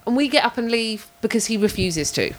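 A woman's voice: fairly high pitch, a little fast. A woman telling a story in casual chat, acting out the people in it. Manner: animated storyteller, acts out voices. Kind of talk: casual anecdote.

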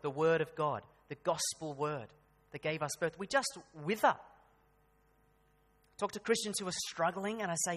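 A man preaches a sermon at a moderate pace, his voice a little high and a bit bright. He keeps it conversational but climbs into emphatic peaks, and the church hall adds reverb.

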